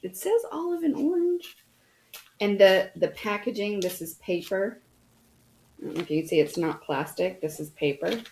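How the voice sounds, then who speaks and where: A woman's voice: on the low side, normal speed, darkish tone, slight background noise, low-quality recording. A middle-aged woman hosting a casual unboxing chat, talking enthusiastically to her viewers. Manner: chatty, enthusiastic, talks to viewers. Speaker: host reviewing products.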